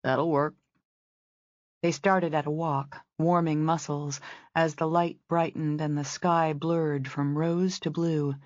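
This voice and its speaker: A woman narrating a romance novel as an audiobook in a steady, descriptive reading. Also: deep voice, measured pace, no echo, dull audio.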